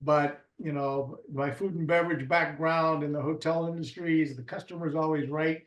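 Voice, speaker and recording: A Puerto Rican man appears as an interview guest, his voice a little higher than average with fairly even intonation and a moderate pace. He tells stories in a loose, rambling way, full of fillers and restarts, and the room gives the recording a noticeable echo.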